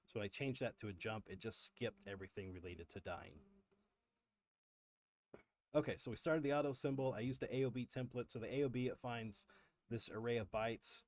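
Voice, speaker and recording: A livestream host walks through his coding step by step as he works, talking a little fast in a mid-range voice with no room sound. His explanation is full of fillers and restarts.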